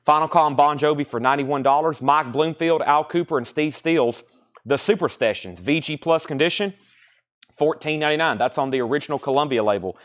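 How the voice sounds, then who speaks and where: A man hosting a live record sale stream, briskly listing titles, conditions and prices and repeating them for viewers. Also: fairly high pitch. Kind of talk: live sales stream chat.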